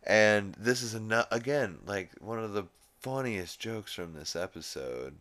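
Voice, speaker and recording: A man's voice: fairly low pitch, lively intonation, unhurried, fairly bright tone. A man hosting a podcast, recapping a cartoon episode in a rambling, casual way with frequent swearing. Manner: rambling, swears often, quotes characters. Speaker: podcast host.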